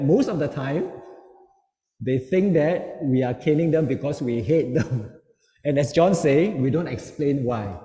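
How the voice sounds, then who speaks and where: A man's voice: fairly high pitch, dark tone. Brief man telling stories in echoey hall. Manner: storytelling, acting out quoted voices. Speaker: seminar speaker. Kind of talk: parenting seminar talk. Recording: echoey hall with long reverb.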